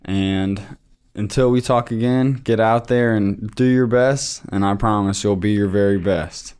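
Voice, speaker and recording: Man, co-host, low voice, dry, teasing, casual studio chat. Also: steady tone, measured pace, a little mellow, clean tone. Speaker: co-host, host's son. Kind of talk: casual podcast talk. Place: recording studio.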